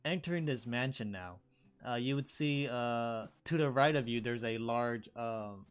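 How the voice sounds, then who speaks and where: Man, dungeon master, relaxed chatty narration, middle pitch. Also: measured pace, smooth. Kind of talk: narrating a tabletop game.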